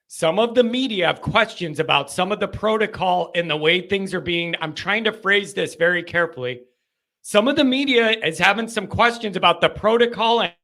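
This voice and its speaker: A man's voice: high-pitched, sharp tone. A male host of a live sports call-in show, talking in a frustrated, rambling way with many restarts. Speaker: podcast host.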